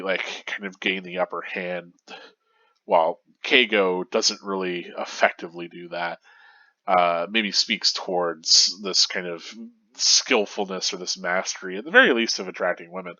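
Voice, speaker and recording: A man's voice: deep voice, steady tone, normal speed, bright, forceful tone, no echo, dull audio. A young man with a stuffy nose talking through a manga chapter in a casual, rambling way, full of fillers and restarts. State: stuffy and congested. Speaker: manga review host. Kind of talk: casual analysis monologue.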